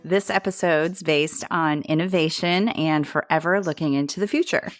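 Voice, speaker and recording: Low-voiced woman telling a podcast story. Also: normal speed, faint music behind. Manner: chatty, self-correcting, laughs at her own pronunciation. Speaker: podcast co-host.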